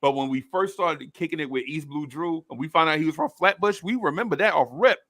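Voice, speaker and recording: A man's voice: a little high, a little fast, no room sound. Slangy, laughing man with a raised voice. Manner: slangy, laughing, animated storytelling. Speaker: show host reading viewer comments. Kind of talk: casual live-stream chat.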